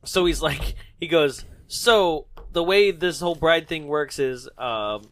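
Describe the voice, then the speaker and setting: On a casual movie podcast, a male co-host jokes, swears, and laughs often while acting out scenes. His voice sits on the high side, a touch slow, with a fairly bright tone and no room sound.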